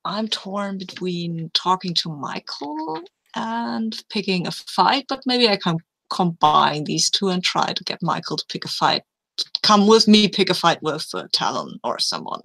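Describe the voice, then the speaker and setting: A woman playing a tabletop game, thinking aloud in a lively way. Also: on the low side, vocal fry. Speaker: player. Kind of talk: casual tabletop play.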